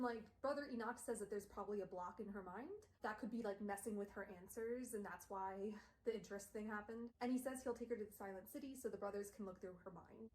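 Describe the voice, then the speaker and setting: A woman's voice: medium pitch, a little mellow, a little hiss or hum. A young woman streamer chatting through a casual book recap, with lots of fillers. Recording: echoey room.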